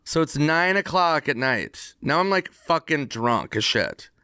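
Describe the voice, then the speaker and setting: A man tells a story on a podcast in a lively, swooping voice and jumps into the quoted dialogue. His tone is bright and forceful. He is recorded close up in a dry room. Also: fairly high pitch, a little slow, clean tone, dry recording. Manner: animated storyteller who acts out quoted dialogue. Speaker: podcast guest. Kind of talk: casual anecdote telling.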